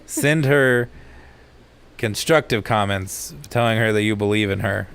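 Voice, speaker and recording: A man's voice: on the low side, a little slow, a bit bright, clean tone. A young man co-hosting a casual podcast, goofy and playful, throwing in silly bits. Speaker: podcast co-host. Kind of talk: casual chat.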